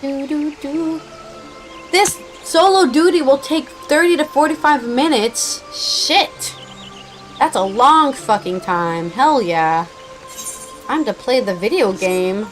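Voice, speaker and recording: A woman's voice: sits high, animated, takes it slowly. A woman streaming a game, chatting casually, joking and swearing while reading dialogue aloud. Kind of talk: casual gameplay commentary. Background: game music.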